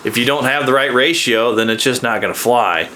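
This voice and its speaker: A man's voice: brisk, pushed and bright, slight background noise. A man co-hosting a podcast, chatting casually about deer calling and joking about what the deer think. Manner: jokey, voices deer in high silly tones. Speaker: podcast co-host. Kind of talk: casual hunting chat.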